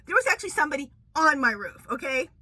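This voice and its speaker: A middle-aged woman chats through a casual tarot vlog, animated and talkative, tagging "okay?" onto nearly every thought. Her voice sits a little high and sounds strikingly bright. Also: fast, no echo, rough recording. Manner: chatty and animated, says "okay?" constantly, laughs a lot while storytelling. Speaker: tarot reader and channel host. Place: outdoors at home.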